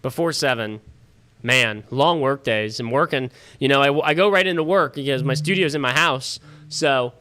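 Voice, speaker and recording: Smooth, bright and forceful, this man's medium-pitched voice moves at a moderate pace. Broadcasting a fantasy football livestream from home, he chats casually with his audience, swears now and then, and sounds tired, yawning along the way.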